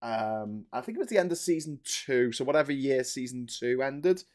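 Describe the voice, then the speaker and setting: A man in his forties hosts a casual live stream, talking at normal speed in a medium-pitched, animated, slightly mellow voice. He rambles energetically while building and lets the occasional swear slip.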